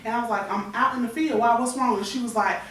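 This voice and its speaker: A woman's voice: on the high side, fairly quick, fairly bright tone. Woman in her 30s telling her story on a talk show, pretty roomy echo, sounds kinda far from the mic. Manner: candid, tearful retelling with acted-out quotes. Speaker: guest. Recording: echoey room, voice from far off the mic.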